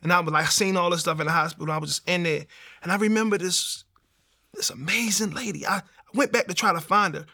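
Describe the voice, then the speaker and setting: Young man, streetwise testimony, animated, raspy fry, fairly high. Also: quick pace. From Baltimore. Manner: streetwise, animated storytelling with slang. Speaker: testimony speaker. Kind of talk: personal testimony storytelling.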